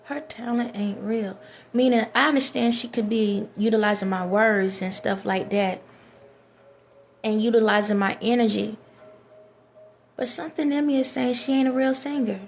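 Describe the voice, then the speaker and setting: A woman's voice: a little high, steady tone, normal speed, long pauses, a little hiss or hum. A woman vlogger talking to camera in a rambling casual monologue, repeating phrases and restarting sentences.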